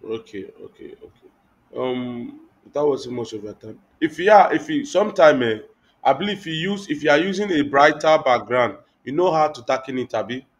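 A man's voice: mid-range voice, lively intonation, moderate pace, poor audio. A young man teaching web design in a live online class, thinking aloud with many restarts and fillers. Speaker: web development instructor.

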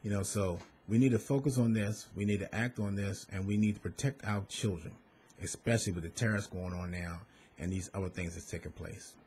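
A man's voice: lowish voice, steady tone, brisk, darkish tone, slight background noise. A man, a former bus contractor, speaking earnestly to parents, repeating and stressing his points. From Maryland. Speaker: school bus safety advocate, former contractor. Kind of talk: direct public appeal to parents.

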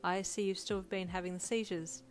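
A woman reading a deadpan male specialist. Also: fairly low pitch, moderate pace, soft background music, close to an everyday voice. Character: matter-of-fact male medical specialist.

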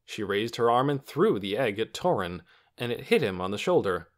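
A man's voice: on the low side, very animated, moderate pace. A man narrating a children's novel as an audiobook, telling the story expressively.

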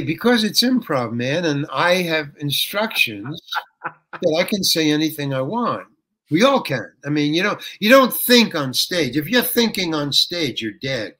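An older man telling a story as an interview guest, animated and colloquial, often saying "man" and "you know". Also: a little high, slow.

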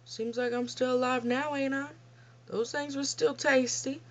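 This young vlogger's voice is high and steady, with a measured pace. She shares childhood stories in a casual Q&A, blunt and profane, frequently laughing at herself, and the home recording sounds dull and lo-fi.

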